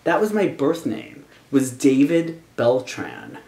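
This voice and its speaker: A young man, born in Colombia, talking casually to camera in an excitable, animated way with laughing asides. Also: medium pitch, takes it slowly, gravelly. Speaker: vlogger. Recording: echoey room with faint music.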